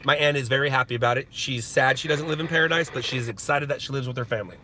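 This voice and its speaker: A man's voice: medium pitch, fast, bright, forceful tone, a little hiss or hum. A middle-aged man from Southern California hosting a casual live stream, chatting and laughing as he answers viewers. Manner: rambling, chatty, laughs often. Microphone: phone.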